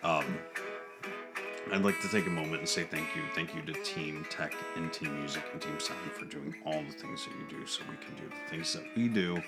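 A man's voice: rumbling low, steady tone, brisk, loud music behind the voice. A man co-hosting a podcast in casual chat, rambling and laughing often. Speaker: podcast co-host.

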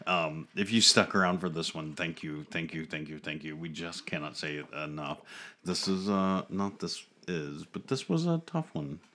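A man's voice: rumbling low, steady tone, normal speed, sharp tone, a little hiss or hum. A man co-hosting a podcast in casual chat, rambling and laughing often. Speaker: podcast co-host.

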